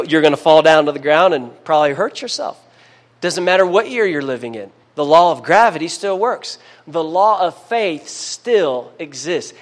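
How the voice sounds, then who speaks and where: Man, high voice, sermon, emphatic, call-and-response. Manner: emphatic preaching with call-and-response amens, swings between loud and hushed. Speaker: preacher.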